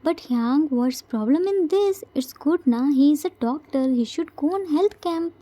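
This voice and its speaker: A patient, level-headed young man who speaks gently and soothingly in a storybook reading, voiced by a woman. Her tone stays mellow, high and slow. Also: animated.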